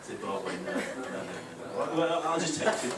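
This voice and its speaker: Young Geordie comic, lively pitch. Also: male voice, measured pace. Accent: mild Geordie, mostly softened. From Newcastle, England. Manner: chatty, crowd-teasing, sweary, says "right?" a lot. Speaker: stand-up comedian. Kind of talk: stand-up comedy. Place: small club function room with audience. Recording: far-off, echoey room, noisy crowd.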